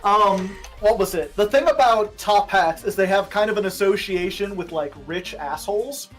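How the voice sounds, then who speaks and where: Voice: medium pitch, normal speed, faint music behind. A streamer being interviewed in casual chat, laid-back and joking, cursing freely. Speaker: streamer guest.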